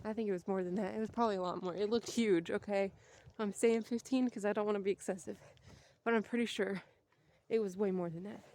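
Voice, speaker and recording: A thirty-something woman vlogs while walking down a street outdoors, a little out of breath as she rambles casually. She's chatty and keeps wandering off on tangents. Her voice is mid-range with a somewhat dark tone.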